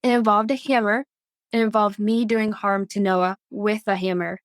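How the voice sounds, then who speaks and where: A woman's voice: medium pitch, level tone, moderate pace, no room sound. A woman guest on a podcast, earnestly recounting a personal experience, with many fillers. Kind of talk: personal story in an interview.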